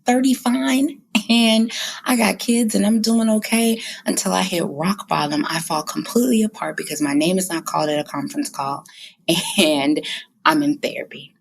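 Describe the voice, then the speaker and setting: A woman's voice: lowish voice, steady tone, normal speed, gravelly. A woman in her thirties, a podcast host, talking earnestly about her own healing and holding back tears. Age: 30s. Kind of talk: personal confessional talk.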